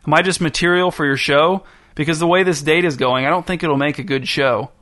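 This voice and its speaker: A man's voice: a little high, steady tone, fairly quick, pushed and bright. A man voicing an earnest, slightly hurt young woman on an awkward date, in a storybook reading. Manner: earnest, hurt, a bit defensive.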